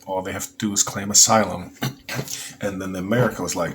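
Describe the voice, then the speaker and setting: A man's voice: low voice, fairly even intonation, a little fast, background noise. A man giving a casual, rambling opinion monologue for his vlog, often restarting his sentences. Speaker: vlogger.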